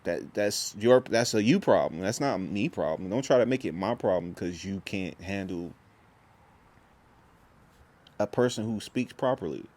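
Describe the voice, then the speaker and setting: A man's voice: fairly low pitch, lively intonation, a little slow, a little mellow. A young man talking to camera in a rambling, intense vlog monologue, full of restarts and slang. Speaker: vlogger.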